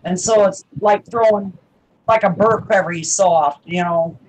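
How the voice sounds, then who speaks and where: A woman chats easily, asking questions without hurry in a relaxed tone. Her voice sits at a middle pitch, with a faint hiss behind it. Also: moderate pace, poor audio. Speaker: reef hobbyist asking for advice. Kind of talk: casual chat.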